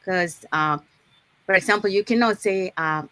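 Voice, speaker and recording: A woman's voice: mid-range voice, normal speed, sharp tone. A woman presenting an unscripted live online workshop, explaining points step by step and often checking in with the audience by asking "okay?". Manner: unscripted, with fillers and restarts.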